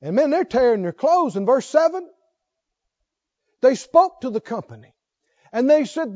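A man's voice: extremely high pitch, big pitch swings, measured pace, long pauses, dark tone, dull audio. A man preaching a sermon, reading scripture aloud and calling questions out to his congregation. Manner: calls out questions to the congregation, reads scripture aloud with rising fervor.

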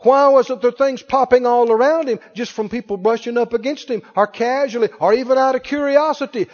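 Emphatic preacher, high voice, echoing hall. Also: male voice, a little fast. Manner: emphatic, acts out the people in the story. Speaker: pastor. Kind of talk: sermon. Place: church sanctuary with a congregation. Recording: dull sound in a reverberant church hall.

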